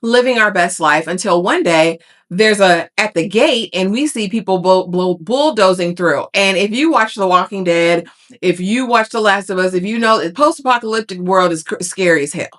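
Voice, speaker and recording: A woman's voice: mid-range voice, normal speed, fairly bright tone. A woman giving a casual, sassy TV recap, calling listeners honey and baby. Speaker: TV recap vlogger.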